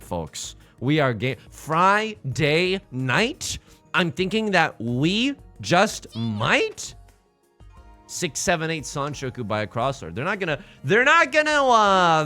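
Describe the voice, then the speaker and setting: A young man chats through a live game stream at a home desk mic, joking and mocking himself with theatrical flair. His voice is bright and forceful and swings widely in pitch. Soft music plays faintly behind him. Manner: jokey, theatrical and self-mocking.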